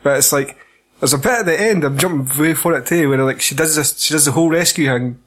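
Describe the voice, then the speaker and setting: A man's voice: a little high, quick pace. A Scottish man in casual, sweary film chat, ranting and laughing. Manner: sweary, laughing, animated rants.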